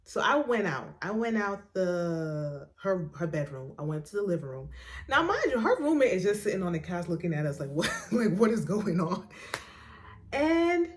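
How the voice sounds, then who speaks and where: A woman tells a personal story as a podcast host, and her pitch rises and falls freely. She laughs often and acts out the dialogue as she goes. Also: sing-song, normal speed.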